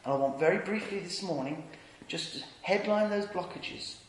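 Earnest preacher in an echoey hall. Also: male voice, high-pitched, normal speed, slight background noise. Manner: earnest storytelling, dropping to a hush on tender points. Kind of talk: sermon. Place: church.

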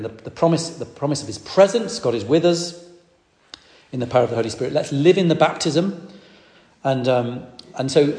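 A man preaching a sermon as a vicar, telling a story in a lively way and repeating phrases for emphasis. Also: medium pitch. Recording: echoey hall, long reverb.

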